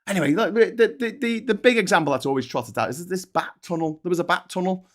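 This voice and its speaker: A man's voice: high-pitched, fast talker. Sweary ranting man. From Liverpool, England. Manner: heated, sweary, sarcastic, with stammered restarts. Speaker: vlogger, channel host. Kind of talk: casual ranting monologue.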